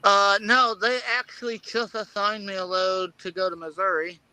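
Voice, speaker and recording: A man's voice: sits high, moderate pace, bright, forceful tone, clear, resonant tone, dry recording, rough recording. A man, a truck driver, talking casually from his truck cab with short matter-of-fact replies. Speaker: truck driver panel guest. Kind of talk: casual chat.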